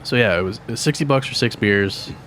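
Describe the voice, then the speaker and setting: Laid-back low-voiced guy podcaster. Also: a bit bright, a little hiss or hum. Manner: laid-back, swears casually, reads names haltingly. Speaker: podcast co-host. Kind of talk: casual chat.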